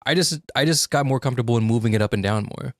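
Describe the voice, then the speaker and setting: A man's voice: mid-range voice, racing, dry recording, studio quality. A young man streaming in casual chat, frank and profane, often restarting his sentences.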